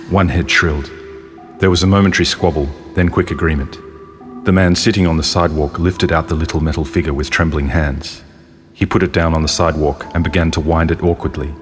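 A man reading a short story aloud in a measured storytelling delivery as a podcast narrator. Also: rumbling low. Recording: long hall reverb with soft music.

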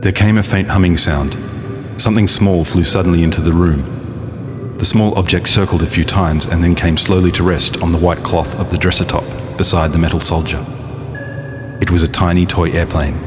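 A man narrating a story in a measured, even storytelling manner. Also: deep voice. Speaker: audiobook narrator. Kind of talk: scripted narration. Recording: reverberant audiobook with faint music.

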